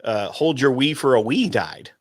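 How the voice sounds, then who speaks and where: A man co-hosting a casual podcast chat and dropping deadpan quips. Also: mid-range voice, moderate pace, no room sound, studio quality.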